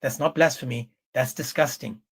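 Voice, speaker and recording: A man hosting a livestream, talking in a forceful, scornful, repetitive way. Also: mid-range voice, fairly even intonation, normal speed, slightly rough. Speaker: livestream host. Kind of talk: heated livestream commentary.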